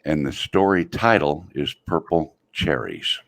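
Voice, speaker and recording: A middle-aged man, a video host, telling a long joke in a folksy, drawn-out way. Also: rumbling low, very animated, gravelly, no echo.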